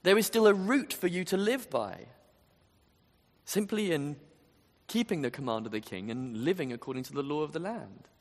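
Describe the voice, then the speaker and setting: Man preaching a sermon, earnest, emphatic, lively rising and falling delivery, slightly raised voice, long hall reverb. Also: a little high, moderate pace. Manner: earnest, emphatic, with rhetorical questions.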